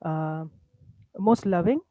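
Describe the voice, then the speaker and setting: A man's voice: sits high, slow, dark tone, no room sound. A man in an online class answering the teacher hesitantly, stopping often as he searches for the answer. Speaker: class participant. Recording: faint, dull, noisy call audio.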